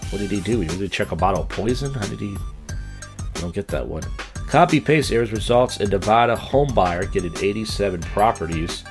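A man with a fairly low voice hosts a comedy podcast and tosses crude, sarcastic wisecracks over a video clip. Soft music plays quietly beneath him. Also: lively intonation, brisk. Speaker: podcast host.

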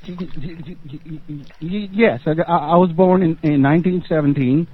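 A man's voice: a little high, normal speed, breathy edge, narrow, tinny audio, pitched above the performer's own voice. A man voicing a stammering, doddering old man in his eighties. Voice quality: stammering, quavering.

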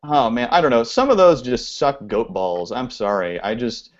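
A man hosting a casual live web chat, animated and jokey, swearing freely. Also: mid-range voice, moderate pace, dull audio. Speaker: podcast host.

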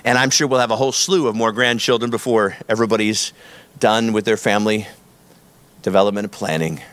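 A man's voice: fairly low pitch, fairly even intonation, brisk, fairly bright tone. A middle-aged man, a pastor preaching a sermon in an emphatic, repetitive storytelling manner.

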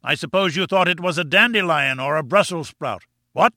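A man doing a booming old professor who lectures with open contempt, his voice pushed well above the reader's own and bright and forceful at the edges. He sounds triumphant and sure of himself, close and dry against the mic. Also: normal speed, no room sound. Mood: lecturing. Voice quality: booming and scornful. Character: pompous, contemptuous older male professor.

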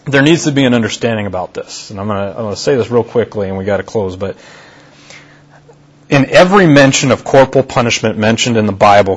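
Husky-voiced man preaching a sermon. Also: medium pitch. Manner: conversational preaching, repeats key phrases for emphasis. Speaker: pastor. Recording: dull lo-fi sermon recording.

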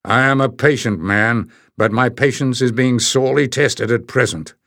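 A man's voice: medium pitch, fairly even intonation, normal speed, fairly bright tone, no room sound, studio quality, voice pushed up, close to an everyday voice. A man reading a storybook voicing an impatient grown warrior who growls irritably. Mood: growling.

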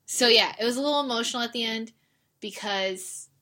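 A woman's voice: on the high side, a little fast. A woman co-hosting a podcast, chatting casually and telling stories with lots of laughter. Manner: animated storytelling, acts out characters with laughs. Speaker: podcast co-host. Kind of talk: casual chat.

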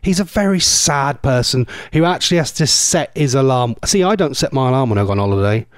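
A radio presenter chats and teases his listeners in a loose, rambling way. His pitch leaps around animatedly, and the studio recording is close and dry. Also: lively intonation, brisk, no echo. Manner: chatty, teasing, rambling with mock-posh asides. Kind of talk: casual chat with listener messages.

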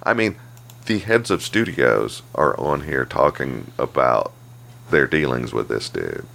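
Swearing freely, a man co-hosting a podcast chats and spins lively stories. His pitch is extremely low, his delivery unhurried, and his voice creaky.

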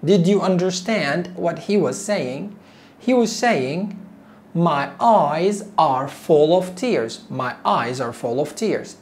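A woman teaching English to learners, repeating words slowly and asking questions. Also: sits low, expressive, darkish tone, slight background noise. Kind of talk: slow, deliberate ESL lesson.

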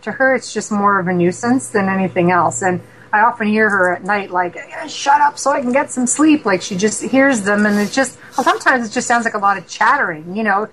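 A woman from Canada, a paranormal investigator, telling stories as a radio guest in an animated way and acting out dialogue. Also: medium pitch, a little hiss or hum, poor audio. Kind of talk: casual storytelling interview.

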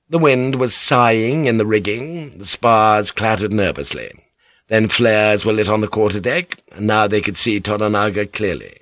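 A man with a fairly low voice narrates an audiobook novel, reading the script in a measured, even storytelling manner. The recording is clean studio sound with no echo.

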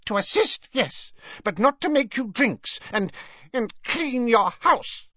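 Brief: a cringing, squeaky little henchman, shrill and whiny, far above his own pitch. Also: big pitch swings, slow pace, bright, forceful tone, husky, dry recording, full character voice. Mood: whining, defensive. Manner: whining and defensive. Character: cowering, squeaky, rat-like little male servant. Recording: dull, dry studio recording.

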